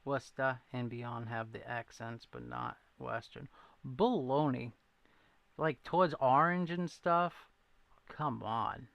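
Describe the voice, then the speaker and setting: A man's voice: mid-range voice, slow pace, creaky, lo-fi sound. A man hosting a casual livestream, chatting with viewers and telling rambling stories with frequent laughs. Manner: rambling storyteller, laughs often; says he needs his glasses to read chat. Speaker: livestream host. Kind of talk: casual livestream chat reading comments.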